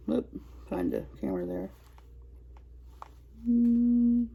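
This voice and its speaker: A woman's voice: a little high, wildly swooping pitch, drawn-out words, gravelly, long pauses, dark tone, slight background noise, rough recording. A woman vlogger chatting casually while unboxing a toy, giggly and rambling.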